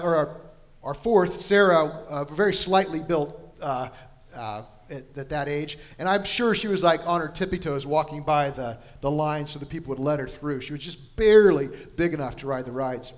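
A middle-aged man preaching a sermon, his voice sitting a little higher than most men's. He tells stories in a loose, conversational way and drops in self-deprecating asides. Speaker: pastor. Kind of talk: storytelling sermon.

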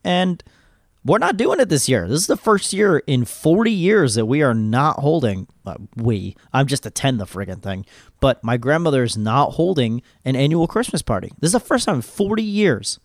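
A man in his twenties co-hosting a podcast, chatting casually and telling jokey, animated stories. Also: mid-range voice, normal speed, dry recording, clean studio sound. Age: 20s. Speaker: podcast co-host. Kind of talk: casual chat.

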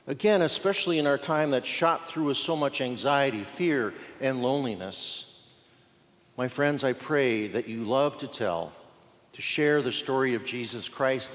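A pastor preaching a sermon in a folksy style, with playful asides and dramatic pauses. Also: male voice, medium pitch. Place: church sanctuary. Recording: long church reverb.

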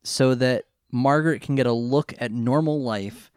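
A man's voice: mid-range voice, normal speed, clean tone, dry recording, clean studio sound. A man co-hosting a casual podcast, recapping a movie plot with jokes. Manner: animated, jokey, recapping plot. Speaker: podcast co-host.

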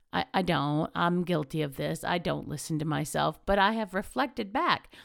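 Gravelly-voiced woman telling stories. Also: lowish voice, normal speed, hardly any pauses, no echo, studio quality. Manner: chatty storyteller, self-mocking and candid. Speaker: podcast host. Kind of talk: casual motivational monologue.

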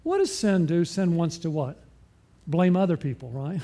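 Speaking with lively intonation at a moderate pace, a preacher uses his high, mellow voice to ask the congregation question after question, supplying the answers himself in true sermon fashion.

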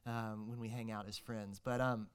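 A man's voice: on the low side, little pitch movement, normal speed, smooth. A young man, preaching a casual, joking sermon as a guest preacher, full of fillers and restarts.

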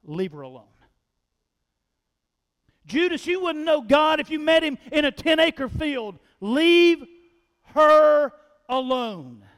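A man voicing Jesus as a stern grown man rebuking a greedy disciple with forceful, repeated commands. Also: extremely high pitch, heavily acted. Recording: long reverb of a large hall.

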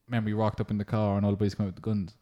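A man co-hosting a podcast, telling stories in an animated way full of crude jokes. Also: on the low side, very fast, dull audio. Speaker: podcast co-host. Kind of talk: casual chat.

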